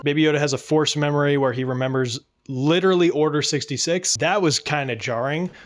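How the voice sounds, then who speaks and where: Young guy ranting a sarcastic recap, kinda high voice, swears a ton. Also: a little fast, soft background music. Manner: sarcastic, rambling, swears a lot, mock voices. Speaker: comedic recapper. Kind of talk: comedic show recap with silly voices.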